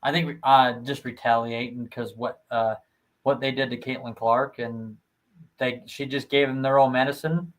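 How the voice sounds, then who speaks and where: A man's voice: mid-range voice, fairly even intonation, low-quality recording. A man co-hosting a live stream, chatting about sports and stumbling over his words as he tells a story. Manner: halting, stumbles and restarts when telling a story. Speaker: stream co-host.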